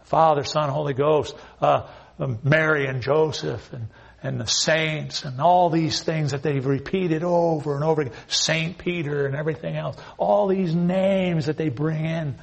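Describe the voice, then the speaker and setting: Husky-voiced man preaching a fiery sermon. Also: highs cut off. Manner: swings from quiet earnest asides to loud raised pitch; repeats phrases and quotes scripture emphatically.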